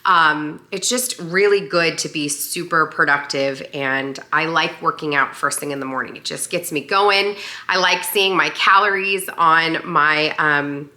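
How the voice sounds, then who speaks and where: Hoarse young woman, raspy deep voice, bright forceful tone, chatty vlog talk, lots of fillers. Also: unhurried. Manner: chatty, upbeat, many fillers. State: hoarse, voice partly lost. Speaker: lifestyle vlogger. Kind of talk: casual vlog chat.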